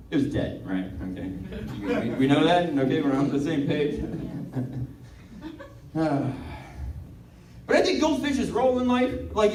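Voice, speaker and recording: A male stand-up comedian doing a set, excitable and rambling, laughing at his own jokes. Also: a little high, slight background noise. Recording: echoey room from far off.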